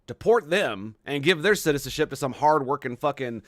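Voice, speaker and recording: A man's voice: on the high side, lively intonation, brisk, fairly bright tone, no echo, clean studio sound. A man hosting a casual livestream, theatrical, profane and boisterous as he chats with his viewers. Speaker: streamer host.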